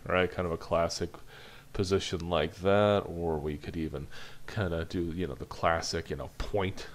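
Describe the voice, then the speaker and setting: A man's voice: deep voice, brisk. A man teaching an animation lesson, chatting loosely and thinking aloud while he demonstrates drawing. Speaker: animation instructor.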